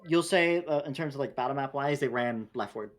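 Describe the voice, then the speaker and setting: A man's voice: mid-range voice, fairly quick. A man running a tabletop game as game master, talking loosely with lots of fillers and restarts.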